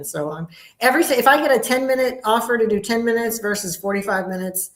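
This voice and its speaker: A woman's voice: fairly high pitch, a little fast, roomy sound. A woman in her fifties, a comedian guest telling candid stories in a casual interview chat. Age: 50s. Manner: candid, storytelling, upbeat.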